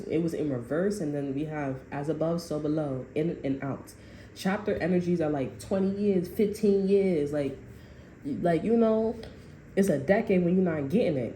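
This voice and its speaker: A woman giving a casual, animated tarot reading, full of profanity and asides to her viewers. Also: fairly low pitch. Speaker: tarot reader. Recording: echoey room, faint noise.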